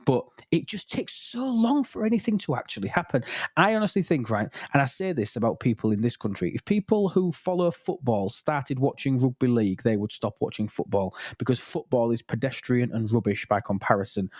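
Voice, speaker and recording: A man's voice: medium pitch, animated, fairly quick, a little mellow, no echo, clean studio sound. A man hosting a casual podcast panel, opinionated and teasing as he argues his point. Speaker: podcast host.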